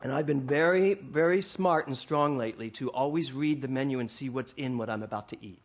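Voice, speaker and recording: A minister with a mid-range, fairly quick voice preaches a sermon into a stage mic in a hall before his congregation. He tells humorous stories in a playful way, acting out the dialogue himself.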